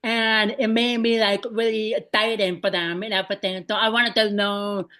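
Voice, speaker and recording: A woman's voice: mid-range voice, flat delivery, normal speed, fairly bright tone. A woman hosting a podcast, asking her guest questions in an enthusiastic, chatty way. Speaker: podcast host. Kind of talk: casual interview chat.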